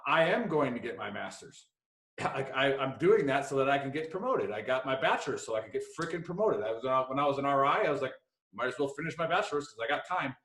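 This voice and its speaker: A man hosting a casual podcast, rambling and joking with frequent swearing. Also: mid-range voice. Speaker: podcast host. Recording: echoey room.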